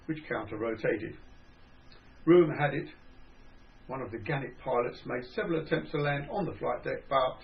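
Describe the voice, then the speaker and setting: An older man with a Cockney (Estuary) accent reading his own memoir in a measured, dry storytelling manner. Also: medium pitch, vocal fry. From England. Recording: dull lo-fi recording.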